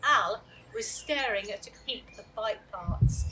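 A woman reads a children's chapter book aloud in a lively, expressive storytelling voice of middling pitch. The recording sits a little far from the mic, with a clear steady hiss behind it. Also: measured pace. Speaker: children's author reading aloud. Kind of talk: storybook reading.

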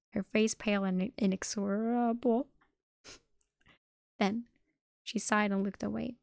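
A woman streamer reading a novel aloud in steady, even narration. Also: mid-range voice, a little slow, gravelly, pauses often, dry recording, clean studio sound. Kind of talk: audiobook reading.

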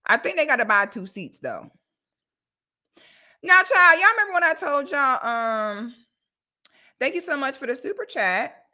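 A bright, forceful woman from Florida hosts a casual livestream, talking straight to her viewers. She is blunt and animated, with sudden loud whoops. Her voice sits a little high. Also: measured pace, pauses often. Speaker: livestream host.

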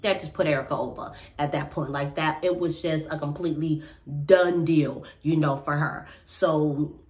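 A woman's voice: low voice, steady tone, normal speed, a little mellow. A young woman casually recapping a reality TV episode in a rambling, chatty way with lots of fillers.

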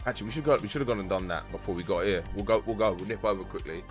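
A man's voice: on the low side, very fast, music in the background. A young man chatting casually with his live-stream viewers while gaming, joking around and using slang. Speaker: game streamer.

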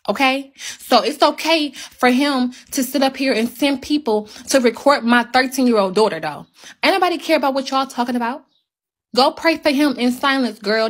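Heated woman ranting on a livestream. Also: on the high side. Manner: heated, emphatic, repeats her points. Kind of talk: livestream rant to viewers.

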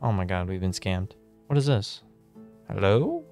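A man giving excitable, chatty gameplay commentary and talking straight to his viewers. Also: low voice, measured pace, soft background music. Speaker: gaming video host.

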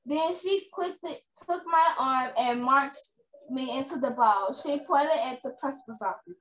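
Woman reader, high pitch, unhurried halting read-aloud, echoey room with faint noise. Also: fairly bright tone. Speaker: reader at a reading fair. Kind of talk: reading a children's chapter book aloud.

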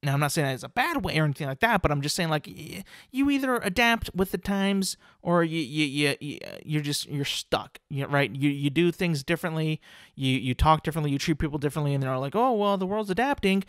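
A man talking on his own in an easygoing podcast monologue, his voice sitting a little higher than most men's. He rambles, restarts sentences and swears offhand, and the recording is close and dry with little room sound. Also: expressive, a little fast, a bit bright, no room sound. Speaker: podcast host. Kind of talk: casual solo podcast monologue.

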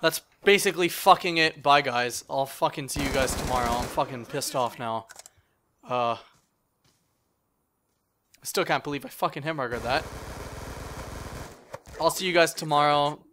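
A man's voice: on the high side, normal speed, long pauses, noisy background. A young man giving raging gameplay commentary, swearing constantly and yelping in frustration. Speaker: gaming YouTuber.

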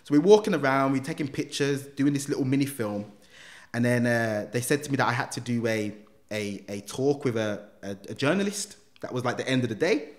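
A man's voice: mid-range voice, brisk. A young man, a former gang member, telling his life story in a casual interview, full of slang and acted-out quotes. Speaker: guest, former gang member turned motivational speaker.

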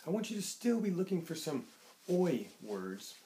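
A man's voice: high-pitched, big pitch swings, moderate pace, dark tone, slight background noise. A male teacher giving a playful, encouraging phonics lesson to young children. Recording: echoey room.

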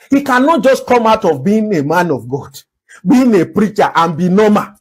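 A man preaching with a high, husky voice. He talks in an earnest, repetitive sermon style full of rhetorical questions. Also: very animated, moderate pace. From Nigeria. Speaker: pastor.

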